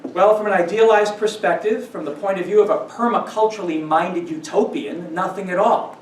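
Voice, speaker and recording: A man delivers a scripted lecture in a slightly high voice, pressing hard on key points and rushing through asides. The sound is roomy and echoing, caught by a mic some distance away with faint ambience underneath. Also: slight background noise. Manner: emphatic, shifts between slow stresses and quick asides.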